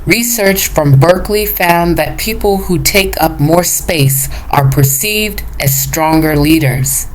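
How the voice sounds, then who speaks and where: A woman narrating a self-improvement lesson in a measured, list-like reading. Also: fairly low pitch, a little hiss or hum, rough recording. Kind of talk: scripted narration.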